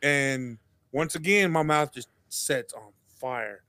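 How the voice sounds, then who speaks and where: A man, a podcast guest telling stories in casual chat, animated and laughing, acting out what people said. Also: medium pitch, slow, no echo. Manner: animated, laughing storyteller who acts out quotes.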